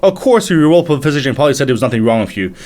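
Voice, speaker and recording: A man voicing a calm, scheming young male prince who speaks in a cool, matter-of-fact way. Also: medium pitch, rapid-fire, close to an everyday voice.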